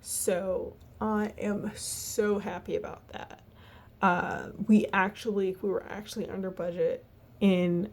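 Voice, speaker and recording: Tired woman, slow halting budget chat, lots of ums. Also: mid-range voice, flat delivery, darkish tone. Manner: chatty, halting, many fillers and restarts. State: tired, yawning. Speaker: budgeting vlogger. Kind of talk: casual budget walkthrough.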